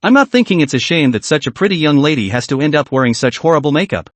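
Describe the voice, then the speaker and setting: A man's voice: on the high side, lively intonation, fast talker, dry recording, lightly acted. A man reading a flustered, girl-crazy older guy. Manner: hemming and hawing.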